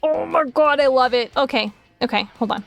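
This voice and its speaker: A young woman streaming live, chatting casually to her viewers, giggly and gushing, swearing now and then while she thinks out loud. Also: high-pitched, moderate pace, faint music behind. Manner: thinks aloud while searching on her computer. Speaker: art streamer.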